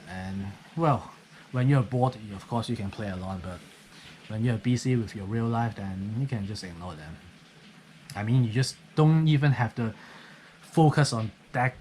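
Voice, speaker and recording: A man's voice: on the low side, a little mellow, slight background noise. A man, talking in a casual, rambling vlog monologue and often tagging "okay?" onto his sentences. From Hong Kong. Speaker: vlogger. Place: guest house on a rainy night. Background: rain.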